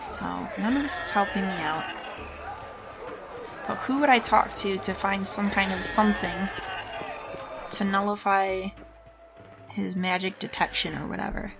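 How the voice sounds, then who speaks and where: A woman's voice: mid-range voice, measured pace, pauses often, music in the background. A woman playing a game and thinking aloud, musing and asking herself questions as she goes. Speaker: let's play gamer. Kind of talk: casual game commentary.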